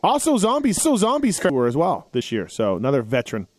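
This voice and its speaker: A man's voice: a little high, wildly swooping pitch, a little fast, dry recording. A man hosting a casual racing podcast, rambling and correcting himself as he reads off results. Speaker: podcast host running through race results. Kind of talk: casual chat.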